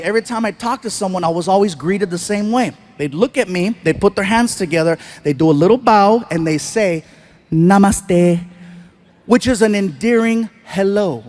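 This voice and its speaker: A man doing live stand-up storytelling on a theater stage into a handheld mic, animated and shouting his punchlines. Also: high-pitched. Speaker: stand-up comedian.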